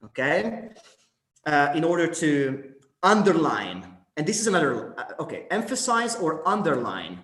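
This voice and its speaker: His voice runs high and a bit bright, with big pitch swings and a somewhat slow pace, echoing in a reverberant space. With an Argentine Spanish accent, he leads an online English workshop on debate phrases, hesitating, using many fillers, and often checking with the group.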